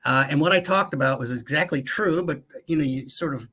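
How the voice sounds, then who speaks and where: A man who is a professional speaker, guesting on an interview and telling a story in a relaxed, reflective way. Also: a little high, a little fast, breathy edge. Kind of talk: casual interview chat.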